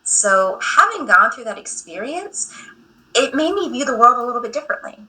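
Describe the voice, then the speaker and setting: A woman in her thirties speaking as a guest on a radio interview show, candid and quick to laugh at herself. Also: fairly high pitch, very animated, pushed and bright, low-quality recording.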